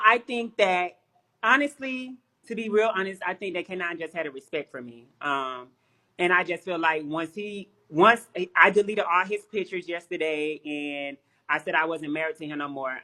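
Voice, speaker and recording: A man's voice: a little high, moderate pace, sharp tone. A man on a live stream talking casually, brash and profane, often repeating words as he starts sentences.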